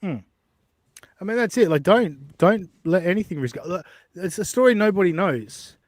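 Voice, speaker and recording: A man hosting a casual commentary show, blunt and profane in his delivery. His voice sits a little high, and the sound is dry and close. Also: expressive, normal speed, no echo. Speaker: podcast host.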